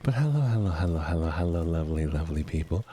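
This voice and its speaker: Guy streaming a game, talks to chat nonstop, voice jumps all over, gets excited and swears. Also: extremely low pitch, fast, husky. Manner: excitable, greets viewers warmly, swears when startled. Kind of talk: casual live-stream chat while gaming.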